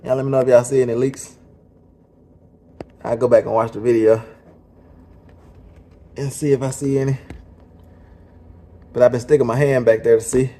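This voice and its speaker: A man's voice: medium pitch, little pitch movement, moderate pace, long pauses, mellow. A man with a Southern US accent, casually vlogging from his kitchen at home as a father, chuckling and repeating words as he talks. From Mississippi, US.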